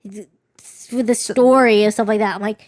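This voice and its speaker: Speaking at normal speed in a steady, creaky medium-pitched voice, a young podcast co-host shares a personal story. The casual chat is candid and rambling, full of restarts, recorded dry with clean studio sound.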